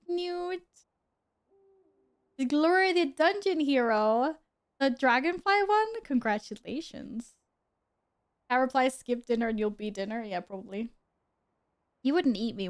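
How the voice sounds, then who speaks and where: A young woman chatting casually with her viewers while gaming at home, giggling and talking to her cat. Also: on the high side. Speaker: streamer. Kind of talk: casual gaming stream chat.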